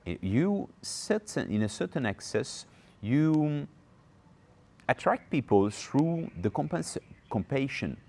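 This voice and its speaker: Low voiced guy giving a self-help talk, lively up and down delivery, keeps asking okay?. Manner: animated, frequent "okay?" checks, acts out little quoted voices. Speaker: personal development speaker. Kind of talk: informal talk to camera.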